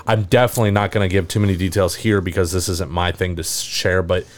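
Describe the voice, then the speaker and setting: Deep-voiced man candidly sharing his sobriety. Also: steady tone, fast. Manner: candid, talks of his own sobriety with frequent restarts and swearing. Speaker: podcast host. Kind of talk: casual podcast conversation.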